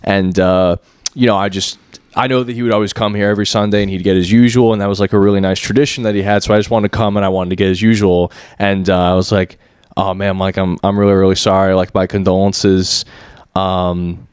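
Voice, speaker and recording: A man's voice: fairly low pitch, fairly even intonation, quick pace, darkish tone, clean tone, no room sound, studio quality. A young adult man co-hosting a podcast, telling a long story in a casual, crude, joking way. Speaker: podcast co-host.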